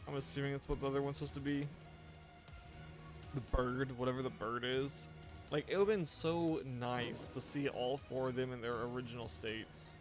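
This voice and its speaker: A man live-streaming a game, tired and rambling as he chats with his viewers. His voice sits at a middling pitch, and his sentences trip and restart. Faint music plays under his talk. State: tired, yawning. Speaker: gaming streamer. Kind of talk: casual live-stream chat.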